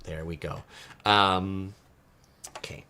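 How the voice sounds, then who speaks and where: A man's voice: low-pitched, steady tone, slow, pushed and bright, clear, resonant tone. A man hosting a casual live stream, reading viewer comments aloud and chatting, often slipping into playful mock voices. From United States.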